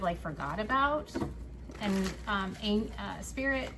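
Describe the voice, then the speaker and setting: Woman, mid-pitched and gravelly, chatty tarot reader who swears casually and keeps checking in with "right?". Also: noisy background. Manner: loose and profane, with frequent "like" and "right?". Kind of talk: casual tarot reading to viewers.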